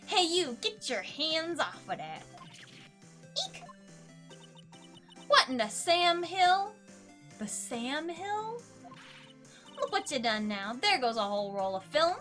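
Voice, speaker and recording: A woman voicing a brash, touchy country photographer in a slow, exaggerated southern drawl while playing a story game. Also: sits high, very animated, pushed and bright, soft background music, voice pushed up, exaggerated voice. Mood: indignant.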